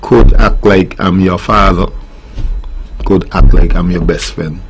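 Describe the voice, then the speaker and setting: Brief: middle-aged Nevisian man, very low voice, earnest and firm, faint hiss behind. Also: steady tone, a little slow. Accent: Nevisian Caribbean English. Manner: earnest, firm when listing rules. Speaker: steel pan tutor. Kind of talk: casual interview answers. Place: radio studio.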